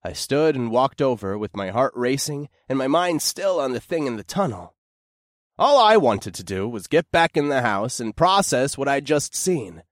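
A young man narrating a first-person horror story in an expressive, tense storytelling manner. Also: mid-range voice, dry recording, clean studio sound.

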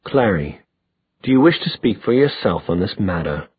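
A man voicing a menacing young male villain who speaks in a quiet, low, taunting voice. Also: big pitch swings, moderate pace, slightly rough, no room sound, full character voice. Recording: dry tinny phone-like sound.

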